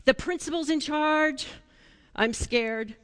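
A woman leading a children's sermon, telling a Bible story in a playful, animated way and asking the children questions. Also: high-pitched, slow, long reverb tail.

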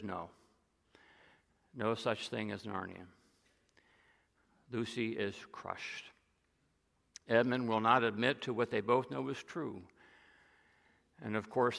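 A man preaching a sermon, retelling stories and dropping to a hush on key lines. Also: medium pitch, creaky, big-room sound. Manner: storytelling, drops to a soft hush on key lines.

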